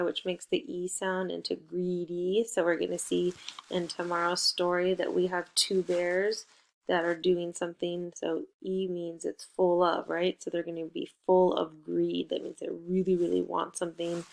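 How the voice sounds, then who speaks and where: A woman with a low, gravelly voice teaches a recorded phonics lesson to young children. She keeps her pitch fairly flat and steady as she spells out letters slowly. She leads the class in a playful call-and-response. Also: slight background noise.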